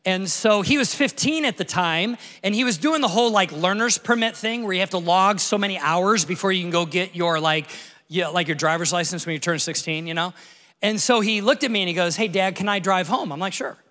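A man in his forties preaching, his fairly high and bright voice carrying through a big church hall with a long reverb tail. He tells a personal story in a casual, animated way, acting out the moments as a pastor leading a sermon. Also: brisk.

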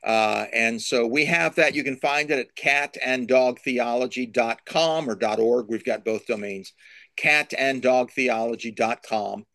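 A middle-aged man answers interview questions like a preacher, stacking lists and repeating his main points for emphasis. His voice sits at a medium pitch, recorded dry and close with no room sound. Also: a little slow, bright, forceful tone, no room sound. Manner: emphatic, repeats key phrases, builds lists. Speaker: Christian author and speaker.

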